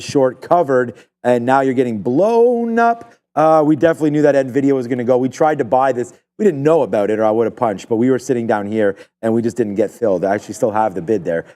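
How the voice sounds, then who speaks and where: A man's voice: medium pitch, warm tone. A man hosting a live trading stream, talking through his trades in a loose, filler-heavy way. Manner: rambling, filler-heavy, thinking aloud. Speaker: live trading show host. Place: trading desk studio.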